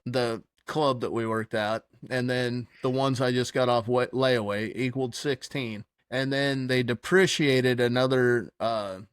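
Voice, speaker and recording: Man, animated storyteller, laughs and swears a lot, dry close sound. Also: mid-range voice, clear, resonant tone, no room sound. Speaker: podcast co-host. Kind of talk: casual storytelling chat.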